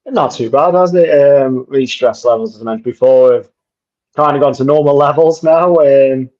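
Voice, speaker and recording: A man's voice: mid-range voice, normal speed, darkish tone. A man co-hosting a football livestream, giving fluent and enthusiastic fan analysis. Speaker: livestream co-host. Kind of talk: casual football podcast chat. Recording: dull lo-fi mic.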